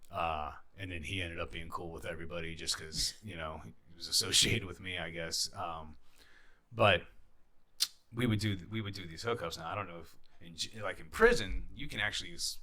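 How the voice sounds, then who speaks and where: Animated young man with a bright voice. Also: low voice. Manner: animated, swears freely, acts out quoted people. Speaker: podcast guest. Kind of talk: casual storytelling.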